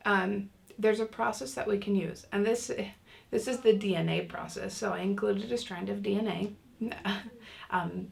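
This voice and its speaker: A woman's voice: mid-range voice, creaky. A woman teaching a casual online parenting lesson, talking in a chatty way with many fillers and restarts. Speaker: parenting class instructor.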